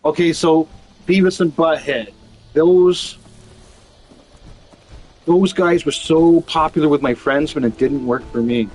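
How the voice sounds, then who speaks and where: A man's voice: on the high side, slow, long pauses, darkish tone, slight background noise, rough recording. A man chatting casually while gaming, telling rambling, profane stories full of restarts. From Canada. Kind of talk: casual chat.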